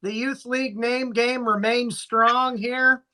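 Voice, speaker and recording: Slow, bright-toned man reading matchups. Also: very high voice, fairly even intonation. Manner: dry, teasing, announcer-like recaps. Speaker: podcast co-host. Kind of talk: casual fantasy sports chat.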